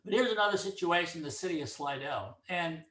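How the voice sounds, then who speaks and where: A middle-aged man holds forth in a casual monologue, his fairly high voice bright and forceful. He tells stories with lots of energy and acts out each exchange. The sound has an echoey, roomy ring. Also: fairly quick. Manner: animated storyteller, acts out dialogue. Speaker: speaker giving commentary. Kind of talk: casual opinion monologue with anecdote.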